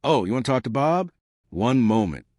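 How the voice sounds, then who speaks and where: A man's voice: mid-range voice, very animated, normal speed, a little mellow, no room sound, studio quality, natural voice. A man voicing a cheerful, chirpy male AI assistant with a formal, chipper manner.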